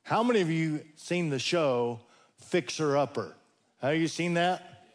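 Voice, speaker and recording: A male preacher delivers a sermon with a voice pitched slightly high for a man. He tells stories with folksy humor and sets up his points with dramatic pauses.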